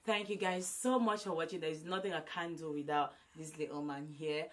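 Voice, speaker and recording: A woman in her twenties vlogging loudly and effusively to a phone camera, repeating herself often. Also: sits low, fairly even intonation, a little fast. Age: 20s. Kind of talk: casual vlog to camera.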